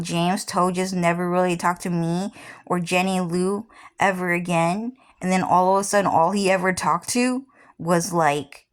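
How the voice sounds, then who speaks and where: A woman in her thirties telling a personal story in a casual, rambling way, often repeating herself and swearing. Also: fairly low pitch. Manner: rambling, repeats "what happened is", swears freely. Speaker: vlogger.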